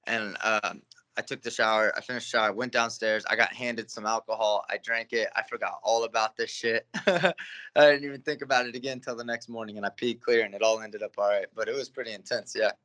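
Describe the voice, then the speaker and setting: A man's voice: on the low side, fairly even intonation, fairly quick, sharp tone. A young man, a guest fighter, telling stories in a laid-back, casual interview, with plenty of fillers and swearing.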